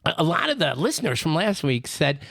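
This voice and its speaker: A man with a gravelly, fairly high voice tells rambling jokes on a casual podcast, and his pitch swings all over as he goes. His delivery is self-amused, and the recording is close and dry. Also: sing-song, brisk, fairly bright tone, dry recording. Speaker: podcast co-host, joke teller.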